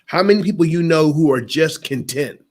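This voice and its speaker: A man's voice: on the high side, lively intonation, fairly quick. Emphatic motivational speaker, a man. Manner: preachy, emphatic, addresses listeners directly. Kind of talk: motivational interview talk.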